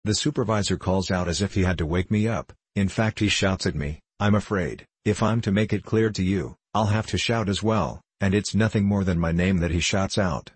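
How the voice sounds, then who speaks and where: A man's voice: low-pitched, moderate pace, few pauses, slightly rough, no room sound. A man voicing an earnest, anxious young male clerk in an audiobook, insistent and eager to explain.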